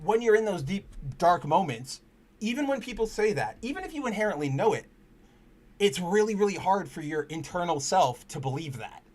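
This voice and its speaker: A man's voice: high-pitched, big pitch swings, moderate pace, darkish tone. A man hosting a casual comic book chat stream, rambling with frequent restarts, cursing freely and speaking candidly about personal matters. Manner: earnest and candid when personal. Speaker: podcast host.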